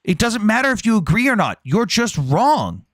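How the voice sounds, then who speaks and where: A man hosting a live debate, hammering his points in a forceful, profane, rapid-fire way. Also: sits high, sing-song, no room sound. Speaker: debate host.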